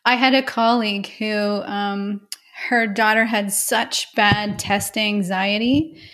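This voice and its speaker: A woman's voice: medium pitch, steady tone, slow, a bit bright. A woman in her forties, a mother, talking casually and enthusiastically in conversation. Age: 40s.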